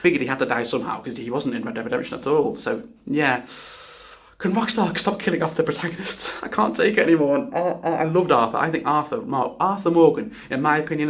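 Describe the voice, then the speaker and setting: Talking through a video game review in a loose, excited way, a man with a slightly high voice keeps restarting sentences and swears often.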